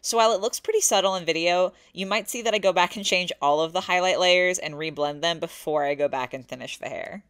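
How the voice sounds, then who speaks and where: A young woman narrating her own drawing process in a soft-spoken, candid voice-over. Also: on the low side, a little fast, few pauses, clean tone. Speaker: artist vlogger.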